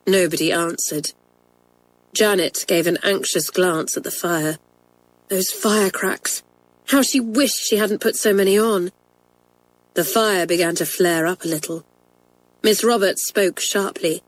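A woman's voice: on the low side, a little slow, rough recording. Woman reading a children's story. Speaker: audiobook narrator.

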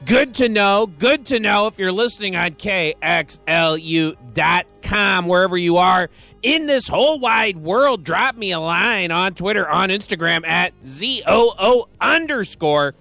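A man's voice: high voice, expressive, unhurried, creaky, pushed and bright. A man hosting a radio music show, talking in a playful, rambling, jokey way between songs. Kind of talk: casual radio DJ patter. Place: radio studio.

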